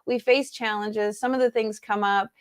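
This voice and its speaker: A woman's voice: mid-range voice, normal speed, smooth. A woman in her forties hosting a casual interview chat, enthusiastic and affirming. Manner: enthusiastic, affirming, lively storytelling. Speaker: host.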